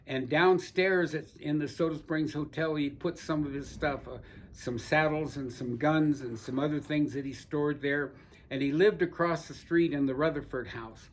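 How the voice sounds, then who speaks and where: Older man, oral history interviewee, slightly high pitch, folksy rambling storyteller. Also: unhurried. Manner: rambling, folksy anecdotes with frequent restarts. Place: seated indoors in a barber chair.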